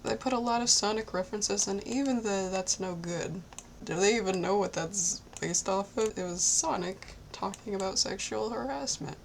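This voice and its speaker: A woman at an everyday middle pitch chats casually with friends over a computer mic on a voice call. She jokes around, quotes memes and breaks into laughter often. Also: normal speed, creaky, slight background noise. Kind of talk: casual chat.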